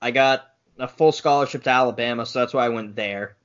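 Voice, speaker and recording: A man's voice: medium pitch, brisk, muffled recording. A man from Massachusetts co-hosting a podcast in casual chat, with a dry, teasing manner. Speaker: co-host.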